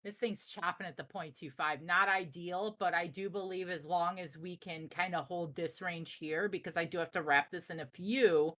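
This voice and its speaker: A young woman from the Chicago area with a Chicago accent, running a live trading stream. She talks in a casual, brash way, teasing her viewers in a slightly low voice. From Chicago area, USA. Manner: animated, brash and joking with chat.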